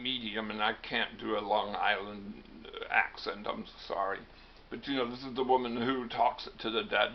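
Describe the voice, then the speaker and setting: Man riffing on stuff, gravelly, self-deprecating asides, dull lo-fi audio. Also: mid-range voice. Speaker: host. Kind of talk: comedic monologue. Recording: dull lo-fi recording.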